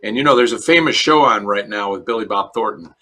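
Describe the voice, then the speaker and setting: A middle-aged man from Chicago, a dentist answering interview questions in a relaxed, storytelling way. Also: lowish voice, a little fast. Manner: relaxed storyteller, acts out quoted voices. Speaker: dentist guest.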